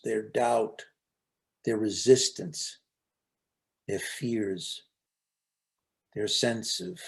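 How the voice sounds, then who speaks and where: An older man with a gravelly edge talks on spiritual life in an earnest storytelling way, his pitch rising and falling in a lively way. He often stumbles over a word as he starts a thought. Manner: earnest, storytelling, repeats words when starting. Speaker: speaker on resilience and spiritual life. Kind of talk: reflective talk with anecdotes.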